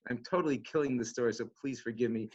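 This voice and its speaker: A rabbi speaking in a casual, halting way with many restarts and fillers. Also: male voice, mid-range voice. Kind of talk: casual talk. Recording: dull lo-fi sound.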